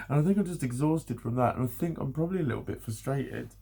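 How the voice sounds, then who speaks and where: A man's voice: a little high, animated, quick pace, hardly any pauses, dark tone, slightly rough. A man, exhausted and rambling through an emotional personal vlog, swearing often and breaking into nervous laughs. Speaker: vlogger.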